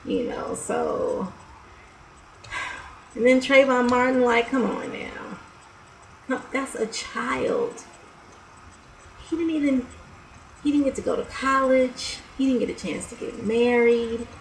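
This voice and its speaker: A young woman vents straight to her camera in a heated, profane, blunt way, breaking into laughs and sighs. Her voice has a gravelly, creaky edge. There is a soft hum of room sound behind her. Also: on the high side, sing-song, takes it slowly, pauses often, rough recording. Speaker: vlogger. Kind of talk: casual on-camera rant.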